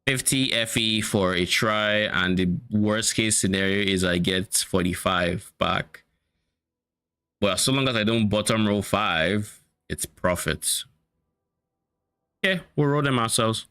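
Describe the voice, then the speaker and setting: A man's voice: fairly low pitch, measured pace, pushed and bright, clear, resonant tone, no echo, clean studio sound. A man streaming a game, casually thinking aloud about loot and swearing now and then. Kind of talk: casual gameplay commentary.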